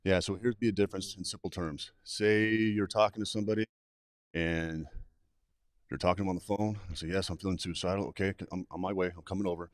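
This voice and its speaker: Middle-aged male trainer, low voice, rapid delivery, straight-talking. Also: steady tone, no room sound, clean studio sound. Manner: direct, plain-spoken, practical. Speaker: suicide prevention trainer, guest. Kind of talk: live webcast talk.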